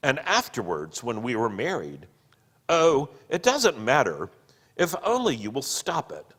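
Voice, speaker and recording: A man voicing a gentle, radiant heavenly woman who pleads with her husband, slow and earnest. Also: mid-range voice, huge pitch swings, husky, voice pushed up, full character voice. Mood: pleading. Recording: long hall reverb.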